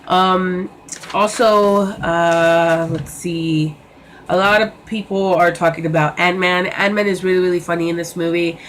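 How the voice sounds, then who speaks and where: Young woman rambling excitedly about a movie, low-ish voice, lots of ums and repeats, faint room hum behind her. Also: measured pace. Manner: chatty and enthusiastic, many fillers and repeats. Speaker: movie reviewer. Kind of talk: casual vlog chat.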